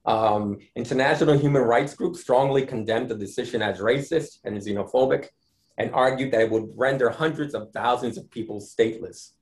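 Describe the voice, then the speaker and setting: A Dominican-born man explaining his artwork in an interview, speaking in a measured way with frequent ums and restarts. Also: mid-range voice, darkish tone. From Dominican Republic. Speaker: artist guest.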